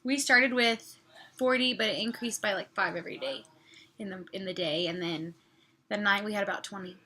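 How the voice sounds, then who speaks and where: A woman's voice: mid-range voice, normal speed, bright, forceful tone, slightly rough. A young woman chatting casually with a friend in a vlog, bubbly and giggly, sometimes dropping to a whisper. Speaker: summer youth missionary. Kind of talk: casual chat.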